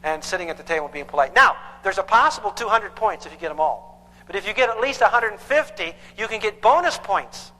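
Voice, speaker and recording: Male parenting counselor, lecture style, bright and high, emphatic, echoey hall. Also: expressive, a little fast. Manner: emphatic, quizzes the audience with repeated questions. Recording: echoey hall with long reverb.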